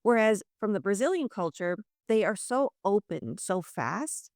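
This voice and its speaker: Speaking a little slowly at medium pitch, with no echo and studio quality, a New Orleans woman joins a video-call interview as a guest. A leadership communication coach from Louisiana in the US South, she explains her ideas conversationally and voices quoted exchanges in a lively way.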